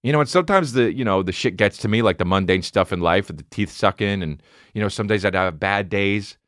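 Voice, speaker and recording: A man in his thirties, a comedian telling a rambling, profane story in casual chat, mumbling low one moment and shouting the next. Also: a little fast, dry recording, studio quality. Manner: profane, animated, swings between mumbling and shouting.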